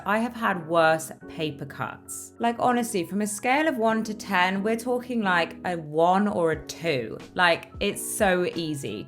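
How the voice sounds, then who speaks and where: A chatty young woman talks straight to her viewers in a casual vlog, upbeat and confiding. Her voice sits a little low for a woman. Faint music plays underneath. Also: a bit bright. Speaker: beauty vlogger. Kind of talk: casual vlog talk to camera.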